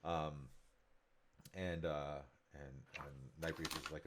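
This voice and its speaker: A man's voice: a bass voice, steady tone, takes it slowly, background noise. A man narrating a tabletop game as game master, describing scenes at length with many fillers.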